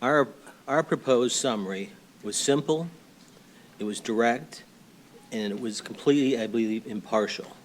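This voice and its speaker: A man speaking as an attorney at a public board hearing, halting and pausing between points. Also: mid-range voice, slight background noise. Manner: halting, with fillers and pauses while looking up notes. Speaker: attorney for a petition sponsor. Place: public hearing room, speaking into a table microphone.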